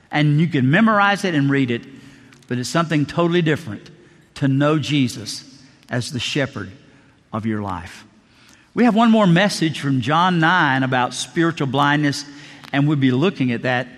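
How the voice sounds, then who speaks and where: A male pastor preaching a sermon, dramatic, slowing and dropping low on key words. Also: expressive, fairly bright tone. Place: church sanctuary. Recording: long reverb of a large hall.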